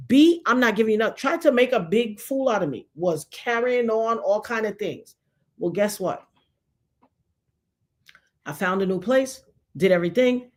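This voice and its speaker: A woman, telling a personal story dramatically, acting out the voices of the people she quotes and repeating lines for emphasis. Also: mid-range voice.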